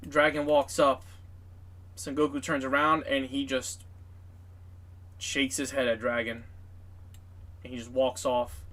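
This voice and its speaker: A man's voice: mid-range voice, flat delivery, unhurried, pauses often, a bit bright. A man narrating a tabletop game as game master, in a casual, filler-heavy, profane way.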